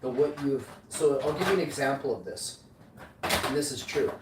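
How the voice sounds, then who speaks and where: A man's voice: on the high side, lively intonation, brisk. A man hosting his own vlog, rambling boastfully in slang with frequent self-corrections. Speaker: vlogger, channel host. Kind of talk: casual rambling monologue. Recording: echoey room, distant mic, faint noise.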